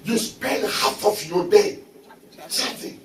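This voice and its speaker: A male pastor preaching a sermon, telling funny stories and often breaking into shouts. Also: takes it slowly. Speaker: visiting pastor. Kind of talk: sermon with humorous storytelling. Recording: echoey church hall, mic at a distance. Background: congregation responding.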